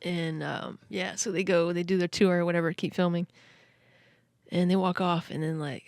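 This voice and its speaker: Woman podcast host, excited chatty storytelling, lots of laughing, dry close sound. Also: lowish voice, moderate pace, vocal fry, no room sound. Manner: excitable, laughs often, many "like" fillers. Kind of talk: casual storytelling chat.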